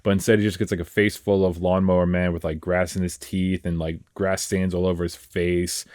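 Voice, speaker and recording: A man hosting a podcast in casual chat, retelling a story in a halting way, full of ums and restarts. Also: sits low, little pitch movement, a little mellow, no echo, clean studio sound. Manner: hesitant, lots of ums and restarts, summarizing a story. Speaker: podcast host.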